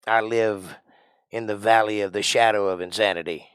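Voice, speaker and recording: A middle-aged man from Georgia with a Southern accent, chatting playfully and rambling on his livestream, now and then bursting out loud. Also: on the low side, steady tone, moderate pace, smooth, no room sound, clean studio sound. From Georgia, USA. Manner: playful, rambling, jokey with sudden loud outbursts. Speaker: livestream host. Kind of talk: casual livestream chat.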